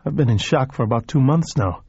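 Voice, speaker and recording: A man reading a wounded, exhausted young man who croaks wearily. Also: medium pitch, lively intonation, fairly quick, darkish tone, dry recording, highs cut off. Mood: weary. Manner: croaking, weary.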